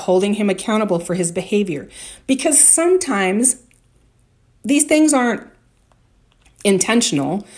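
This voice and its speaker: A middle-aged woman hosting a solo podcast, giving workplace advice in a direct, conversational way. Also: on the low side. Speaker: podcast host and workplace coach.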